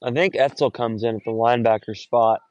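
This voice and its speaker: This is a young man's loose, meandering play-by-play of a high school football game outside, captured on a phone. He keeps correcting himself and gets fired up on big runs, speaking briskly over a dry, dull-sounding recording.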